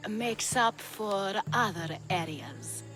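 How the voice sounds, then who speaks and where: A woman's voice: medium pitch, lively intonation, takes it slowly, over music. An actress playing a sultry, teasing female brothel madam.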